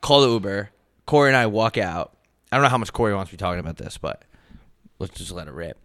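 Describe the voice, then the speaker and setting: A man's voice: lowish voice, expressive, quick pace, a bit bright, no room sound, clean studio sound. A young man co-hosting a podcast, telling a story casually, swearing freely, his voice jumping up when he gets heated. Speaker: podcast co-host.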